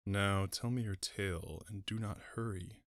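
A man voicing an ancient, sorrowful tree-giant in an audiobook, speaking slowly and deliberately in a musing way. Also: lowish voice, steady tone, dry recording, clean studio sound. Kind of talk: audiobook reading.

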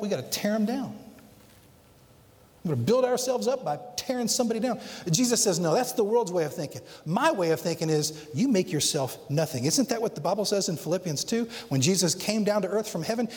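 A middle-aged man preaching a sermon as pastor, acting out quotes dramatically and swinging between loud emphatic peaks and quiet low lines. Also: expressive, fairly quick. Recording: long hall reverb.

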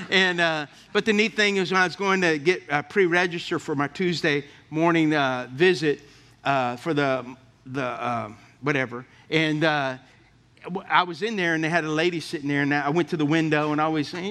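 A middle-aged male pastor preaching a sermon with a high, bright voice. He tells personal stories in a folksy, chatty way and keeps turning to the congregation for an amen or a nod. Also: moderate pace. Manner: folksy storytelling, asks the congregation for responses.

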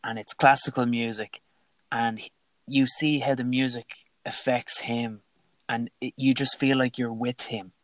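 A man's voice: mid-range voice, flat delivery, measured pace, no echo. A man talking films enthusiastically as a guest on a phone call, with hesitations. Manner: enthusiastic film talk with hesitations. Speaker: podcast guest. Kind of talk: casual chat.

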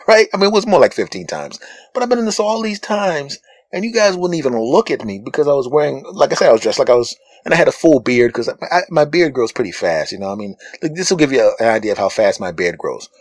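A man's voice: fast talker, no room sound. A man hosting a podcast, telling a comic story about being judged and acting out the people in it. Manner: animated, acts out other people in high mocking voices. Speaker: podcast host. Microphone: phone.

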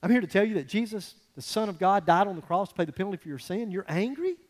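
High-voiced pastor preaching in a reverberant church. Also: male voice, quick pace. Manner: conversational, animated, folksy preaching with asides to the congregation. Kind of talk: sermon.

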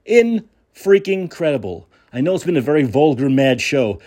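A male talk show host tearing into a political monologue, his husky voice swinging from high outbursts down into low mutters. He rants with sarcasm and a steady stream of profanity, and he sounds plainly angry. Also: moderate pace.

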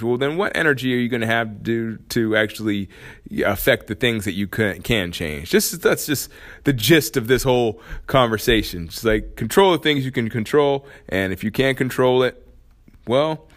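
A man talks alone into his podcast mic in an easygoing, motivational way. He rambles, restarts sentences and fills gaps with "like" and "you know", with a voice of middling pitch. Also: fairly bright tone. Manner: rambling, many fillers and self-corrections. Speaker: podcast host. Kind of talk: casual solo podcast monologue.

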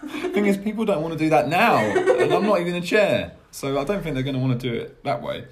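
A man's voice: fairly high pitch, very animated, quick pace. A young man hosting a podcast, chatting in a rambling, jokey and self-deprecating way. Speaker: podcast host. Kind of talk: casual chat.

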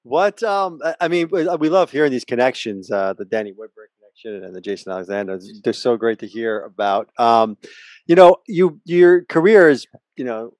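A man co-hosting an interview, eager and halting, with many restarts and fillers. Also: medium pitch, darkish tone, dry recording. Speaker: podcast co-host. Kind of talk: casual interview chat.

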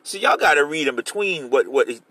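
Animated high-voiced man preaching. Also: a little fast, no room sound. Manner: animated preaching, paraphrasing scripture in casual street talk. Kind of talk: sermon.

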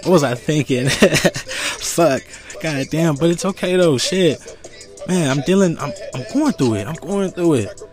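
Casting: man in his 30s, American, solo podcast host, loose and profane, laughing between thoughts, loud music under. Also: a little high, expressive, measured pace. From United States. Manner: loose, laughing, cussing freely, rambling. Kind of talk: casual solo podcast monologue. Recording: music playing loudly behind.

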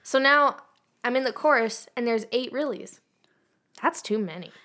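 A woman's voice: on the high side, lively intonation, normal speed, sharp tone. A woman co-hosting a casual podcast chat, wry as she sets up segments and reads lyrics aloud. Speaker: podcast co-host.

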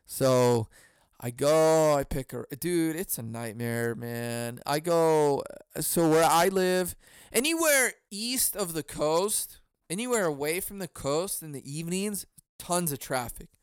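A man hosting a comedy podcast, rambling through a story and swearing freely. His voice is fairly high for a man, smooth and clear. The recording is close and dry, with no room sound. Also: lively intonation, slow, no echo. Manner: rambling and profane, lots of "dude" and "man". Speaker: podcast host. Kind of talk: casual comedic monologue.

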